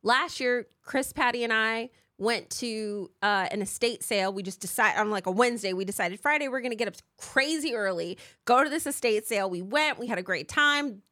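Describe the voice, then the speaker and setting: A woman's voice: on the high side, moderate pace, few pauses, sharp tone, no echo, studio quality. A woman in her thirties co-hosting a casual podcast, talking animatedly, swearing freely and acting out the people she quotes. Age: 30s. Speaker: podcast co-host. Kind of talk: casual chat. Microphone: podcast mic.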